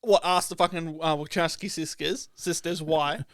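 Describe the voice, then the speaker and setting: A young man rambles through a casual podcast chat, swearing freely and laughing between thoughts. His voice sits high and comes through smooth and clear. The sound is dry and close. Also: fairly even intonation, moderate pace, fairly bright tone, dry recording. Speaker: podcast co-host.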